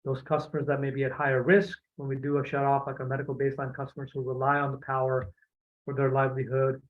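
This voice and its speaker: Man, presentation talk, flat delivery, many fillers and restarts, hoarse edge, phone-line quality. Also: mid-range voice. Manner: measured, with frequent fillers and restarts. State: losing his voice, clearing his throat. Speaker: utility executive giving a talk. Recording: phone-like narrow audio.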